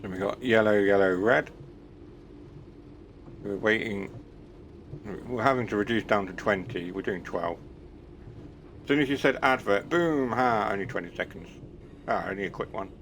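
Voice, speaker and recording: A man's voice: on the low side, normal speed, long pauses, a bit bright, slight background noise. A man chatting casually on a live stream, rambling and self-deprecating.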